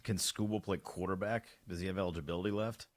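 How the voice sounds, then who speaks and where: A man's voice: low-pitched, fairly even intonation, quick pace, no room sound. A man co-hosting sports talk radio in a laid-back, playful way who laughs easily.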